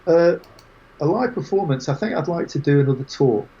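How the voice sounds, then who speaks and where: A man as an interview guest, telling lively anecdotes with quoted voices in casual chat. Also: on the high side, fairly quick, muffled recording. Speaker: guest photographer.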